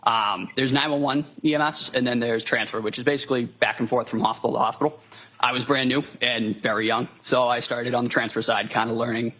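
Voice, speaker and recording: A man in his twenties with a Massachusetts accent testifies as a witness in a courtroom. He speaks loudly at a middle pitch and drops a lot of filler words as he goes. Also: steady tone, fairly quick, poor audio. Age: 20s. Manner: loud, with frequent ums and uhs. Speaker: witness, firefighter paramedic.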